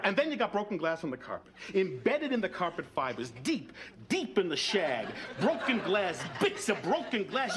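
An actor playing a fussy middle-aged mohel who nags in an obsessive, escalating rant. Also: male voice, high voice, fairly bright tone. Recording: TV clip with clear background noise.

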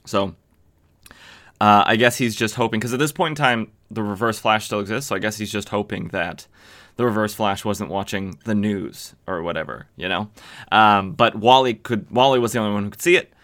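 A man's voice: on the low side, normal speed, a bit bright. A man hosting a podcast, casually recapping a comic book with lots of fillers and self-corrections. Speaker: podcast host.

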